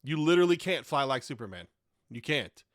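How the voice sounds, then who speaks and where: A man's voice: mid-range voice, very animated, brisk, no room sound, clean studio sound. A man hosting a podcast, delivering a profane comedic rant with heavy swearing and exasperated outbursts. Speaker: podcast host.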